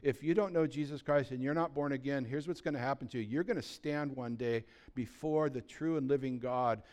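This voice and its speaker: A man's voice: medium pitch, fairly quick, darkish tone. A man preaching a sermon as pastor, blunt and urgent, asking the listeners rhetorical questions.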